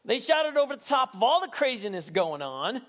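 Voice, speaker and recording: A male pastor preaching a sermon, animated and laughing often, rising to near-shouting at peaks. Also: very high-pitched, fairly quick.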